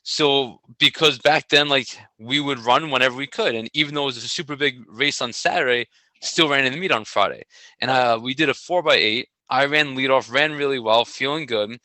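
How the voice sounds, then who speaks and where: A middle-aged man co-hosting a casual podcast, telling a story in an animated way and laughing often. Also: medium pitch, fairly quick, no room sound, poor audio. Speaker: podcast co-host, track coach. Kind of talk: casual chat.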